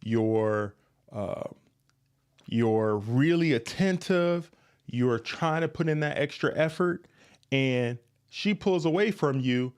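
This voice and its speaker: A man's voice: medium pitch, animated, slow pace, darkish tone, clear, resonant tone. A man hosting a podcast, giving blunt, emphatic dating advice straight to listeners and repeating his points. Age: adult, past his youth. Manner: emphatic, repetitive, blunt and frank. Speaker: podcast host. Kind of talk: direct-to-listener advice monologue.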